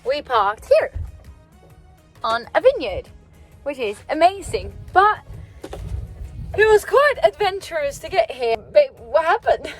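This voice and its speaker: A young Swedish woman, a native Swedish speaker with a Swedish accent, telling a lively travel story to her handheld camera. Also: sits high, slow pace, pauses often, soft background music. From Sweden. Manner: animated, laughing, acts out quotes. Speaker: vlogger. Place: van trip at a vineyard.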